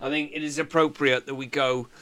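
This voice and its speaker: A man's voice: on the high side, flat delivery, fairly quick, sharp tone. A man hosting a casual podcast, rambling and joking crudely with frequent laughs, a little tipsy. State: tipsy from drinking. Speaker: podcast host.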